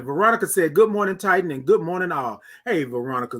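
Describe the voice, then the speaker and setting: A man with a Texan accent hosting a live morning stream, chatting with viewers and singing out long, drawn-out greetings. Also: sits high. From Texas. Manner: animated, sings out drawn-out greetings. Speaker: host.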